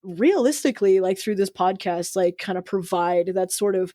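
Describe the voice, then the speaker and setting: Woman cohost chatting on a podcast, earnest, rambles a lot, mid-pitch voice, dry close mic. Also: normal speed, warm tone, dry recording. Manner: rambling and earnest, with many fillers and restarts. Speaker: podcast co-host. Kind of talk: casual heartfelt chat.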